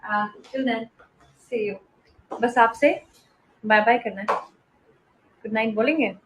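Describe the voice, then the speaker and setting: A woman's voice: a little high, fairly even intonation, rapid-fire, background noise. Affectionate woman live streamer. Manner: affectionate, greets viewers by name, blows kisses; switches between English and Hindi. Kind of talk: casual live-stream chat with viewers.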